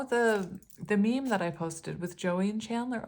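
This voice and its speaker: This tarot reader is a woman with a medium-pitched voice who speaks unhurriedly yet barely pauses. Reading casually for viewers, she rambles, fills her speech with ums, corrects herself frequently, and keeps breaking into giggles.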